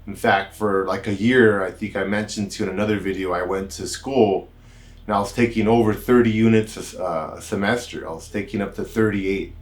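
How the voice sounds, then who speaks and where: American man telling a relaxed story. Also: on the low side. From United States. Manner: relaxed, rambling, with many "kinda" and "you know" asides. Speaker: doctor hosting a health channel. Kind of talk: casual storytelling to camera.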